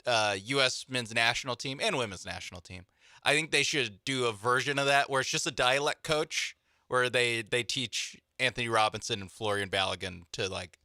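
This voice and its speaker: Bright, joking male radio co-host. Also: medium pitch, dry recording. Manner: joking, riffs in quick asides. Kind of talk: sports talk radio banter.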